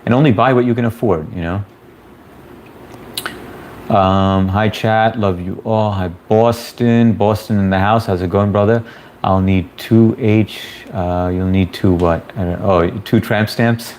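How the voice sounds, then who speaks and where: A man's voice: on the low side, steady tone, unhurried, a little mellow, slight background noise. A man hosting a casual livestream, reading viewer comments aloud and greeting people by name in a laid-back, chummy way. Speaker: livestream host.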